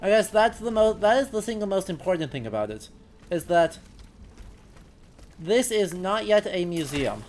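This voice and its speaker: A man's voice: sits high, big pitch swings, moderate pace, pauses often, darkish tone, faint music behind. A man casually commenting on a video game during a live stream, musing aloud, correcting himself and talking to his chat. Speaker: history streamer.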